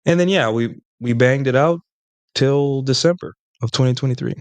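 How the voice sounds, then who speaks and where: On his own stream, a man spins lengthy, bragging dating tales in a loose ramble and frequently addresses his audience. He speaks at normal speed in a smooth, medium-pitched voice, captured in a dry recording.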